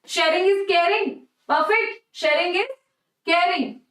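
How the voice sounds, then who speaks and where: A woman's voice: extremely high pitch, measured pace, fairly bright tone, echoey room, far from the mic, rough recording. A woman with an Indian English accent teaching a chemistry exam-prep lecture, repeating herself and asking "okay? right?" often. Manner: repetitive, coaxing, checks "okay? right?" often.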